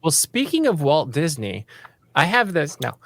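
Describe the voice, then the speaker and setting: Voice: medium pitch, sing-song, normal speed, a bit bright, no room sound. A podcast host calling on guests in turn and bantering in an upbeat way. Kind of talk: casual podcast moderating.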